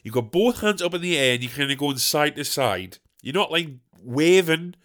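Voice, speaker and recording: A man's voice: on the high side, lively intonation, moderate pace, a bit bright. A British man hosting a solo comedy podcast, ranting in a sweary, rambling way. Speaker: podcast host.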